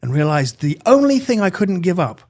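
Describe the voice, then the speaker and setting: A man voicing a wiry, aging male surfer who talks in an easygoing drawl, his voice lifted higher than his own. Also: big pitch swings, moderate pace, darkish tone, exaggerated voice. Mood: laid-back.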